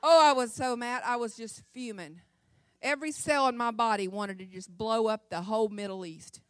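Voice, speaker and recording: Middle-aged woman speaker, higher voice, dry close sound, emphatic testimony-style delivery. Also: normal speed, no echo. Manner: dramatic, emphatic storyteller. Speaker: church speaker. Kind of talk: sermon testimony.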